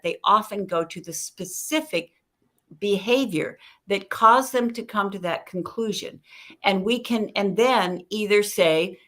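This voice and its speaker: A middle-aged woman teaching communication, lively, acting out both sides of conversations as examples. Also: mid-range voice, unhurried. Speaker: guest communication expert. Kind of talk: animated teaching with acted-out dialogue.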